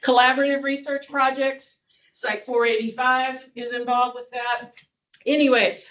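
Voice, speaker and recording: A woman's voice: sits high, a bit bright. A woman psychology professor talking to students in a classroom, chatty and conversational with small asides. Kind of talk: classroom presentation. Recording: dull lo-fi room recording.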